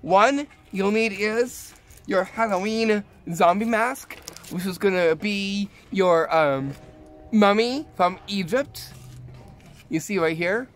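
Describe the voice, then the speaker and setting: A man's voice: high-pitched, slow, soft background music. A man hosting a casual magic trick tutorial, eager and showing each step as he goes. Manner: eager, repeats "like this" while demonstrating.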